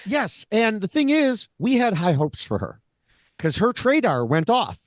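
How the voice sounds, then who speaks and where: A man's voice: high voice, huge pitch swings, unhurried, no room sound, clean studio sound. A man co-hosting a podcast in casual chat, talkative and prone to going off on tangents. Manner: chatty, goes off on tangents. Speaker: podcast co-host.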